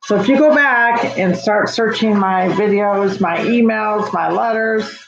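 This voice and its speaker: A woman's voice: mid-range voice, a little slow, vocal fry. A woman in her fifties from Idaho, chatting and pleading straight to a talk show host in a self-made phone video. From Idaho, USA. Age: 50s. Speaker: fan making a video appeal. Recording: echoey, dull home phone video with music.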